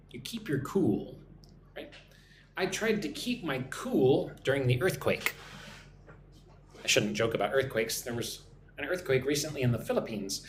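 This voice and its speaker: A man's voice: a little high, reverberant, a little hiss or hum. A man from Texas with a mild Texan accent, teaching English on a live stream and reading viewer comments aloud in a chatty way. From Texas, USA.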